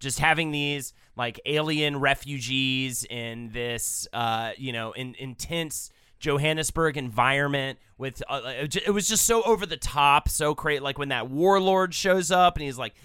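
A man's voice: medium pitch, unhurried, hardly any pauses, fairly bright tone, clean tone, no echo, clean studio sound. A man co-hosting a podcast in casual chat, talking enthusiastically and rambling with frequent restarts. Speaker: podcast co-host.

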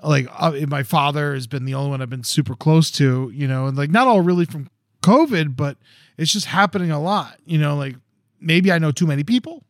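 A man's voice: on the high side, a little fast, dry recording, studio quality. A young man co-hosting a podcast, chatting casually and ranting bluntly with plenty of swearing. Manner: blunt, profane, heated rants. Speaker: podcast co-host. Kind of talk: casual chat.

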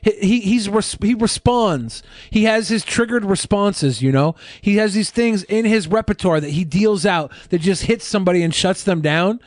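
A man's voice: high-pitched, moderate pace, few pauses, no echo, clean studio sound. A man co-hosting a podcast, telling stories in a mocking, rambling way. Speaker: podcast co-host. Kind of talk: casual chat.

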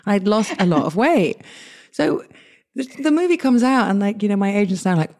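An English woman guest telling stories in a lively, chatty way, with many restarts and quoted asides. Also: mid-range voice, moderate pace. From England. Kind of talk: casual interview storytelling.

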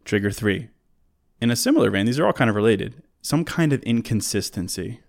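A man's voice: fairly low pitch, expressive, a little fast, gravelly, a little mellow. A man hosting a solo relationship advice talk, conversational and earnest, who repeats words as he restarts and works through a list of points.

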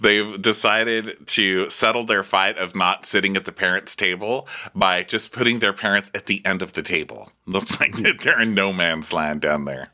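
A man's voice: low voice, moderate pace, hardly any pauses, sharp tone. A man co-hosting a casual reality TV recap podcast, snarky and doing camp impressions of the cast. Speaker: podcast co-host.

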